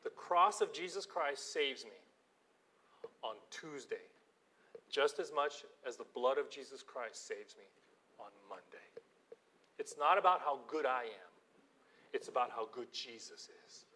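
A pastor, a man, preaching a storytelling sermon, acting out scenes and dropping to a hushed prayerful voice. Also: on the high side. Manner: animated storytelling, acting out quotes, drops to quiet prayerful tones.

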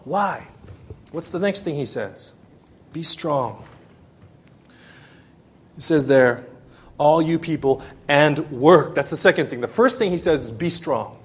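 Middle-aged male pastor, slightly high husky voice, lively sermon delivery. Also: measured pace, pauses often. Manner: animated, emphatic, repeats phrases.

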